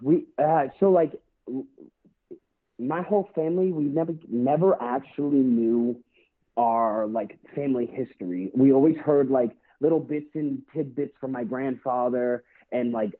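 A young man in his twenties, a podcast host, telling a story in a laid-back casual chat full of fillers. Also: mid-range voice. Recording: tinny phone-like sound.

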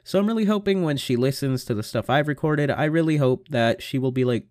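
Young male podcaster, casual and profane, self-mocking, mid-pitched, dry home-mic recording. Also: animated, fast talker, hardly any pauses, darkish tone, no room sound. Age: young adult. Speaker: podcast host. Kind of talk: casual solo podcast rambling. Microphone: home computer microphone.

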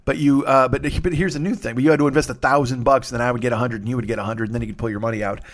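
A man's voice: medium pitch, fairly even intonation, very fast. A man hosting a solo comedy podcast, tired and sniffly, rambling and swearing with self-mocking humor.

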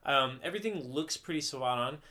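A man's voice: medium pitch, lively intonation, fairly quick, pushed and bright. A man co-hosting a podcast, chatting casually and rambling with lots of "like", tired after a late party. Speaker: podcast co-host. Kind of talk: casual chat.

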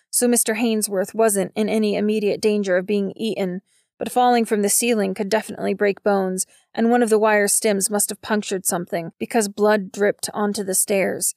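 A woman narrating an audiobook in a steady, measured reading. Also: mid-range voice, creaky, no echo, clean studio sound.

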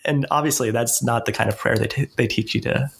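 A minister talking casually from home, halting and restarting often and laughing easily. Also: male voice, mid-range voice, steady tone, vocal fry, breathy edge. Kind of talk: casual podcast conversation.

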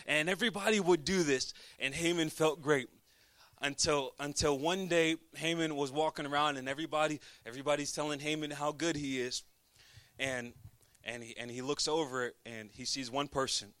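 A man's voice, somewhat high and sharp-edged, carries an animated sermon. He tells the story with lots of repeated words as he drives each point home. The sound is dry and close. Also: brisk, no room sound. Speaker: preacher.

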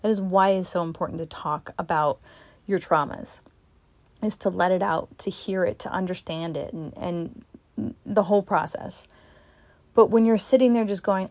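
A woman's voice: lowish voice, normal speed, a little mellow, dry recording. A woman vlogging a candid, frustrated rant. She swears bluntly, sighs, and stops and restarts her sentences. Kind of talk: candid venting monologue.

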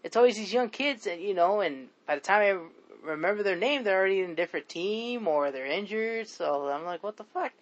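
A man's voice: high voice, animated, fairly quick. A man co-hosting a podcast, telling a story with laughs and lots of swearing, on a dull lo-fi recording. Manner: laughing, profane, acts out quotes. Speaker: podcast co-host. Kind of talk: casual profane storytelling. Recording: dull lo-fi sound.

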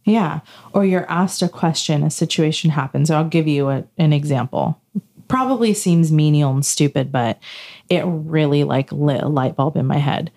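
A woman with a low-pitched voice chats casually as a podcast co-host. She tells personal stories and slips into quoted dialogue as she acts them out. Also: normal speed. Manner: animated storytelling, acting out quoted dialogue. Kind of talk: casual chat, telling a personal story.

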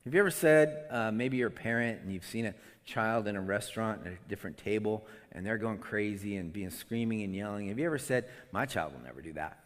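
A man preaching a sermon, swinging between loud, emotional outbursts and quiet, conversational asides. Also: on the low side, brisk, few pauses. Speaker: pastor. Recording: long hall reverb.

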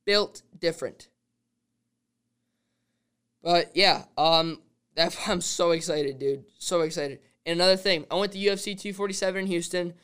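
A man hosting a podcast, talking in a casual, excitable and rambling way, constantly saying "dude". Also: high-pitched, moderate pace, pauses often, clean tone. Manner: rambling fan talk with restarts. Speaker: podcast host.

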